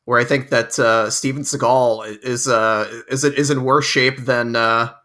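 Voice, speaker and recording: A man co-hosting a podcast in casual chat, laughing often and talking in a halting way. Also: mid-range voice, steady tone, bright, forceful tone. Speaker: podcast co-host.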